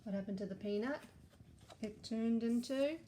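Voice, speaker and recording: A woman teacher, reading a story aloud and leading a sing-along for young children, gentle and clear. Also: a little high, moderate pace, slight background noise.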